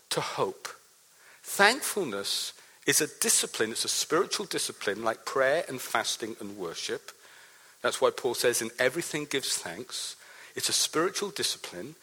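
A man's voice: on the high side, bright, forceful tone, slightly rough. A man preaching a sermon as a pastor, emphatic, leading the congregation in reciting a verse. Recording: long hall reverb.

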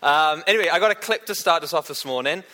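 Bright, chatty young preacher. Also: male voice, on the high side, lively intonation, fast talker. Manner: chatty and humorous, lots of fillers and restarts. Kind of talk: casual church talk.

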